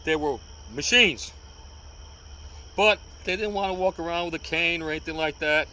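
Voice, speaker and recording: A man's voice: fairly high pitch, normal speed, pushed and bright, slight background noise, poor audio. A man in his sixties from New York, vlogging outdoors about cane self-defense in an earnest, repetitive, pleading way. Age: 60s. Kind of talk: casual outdoor vlog.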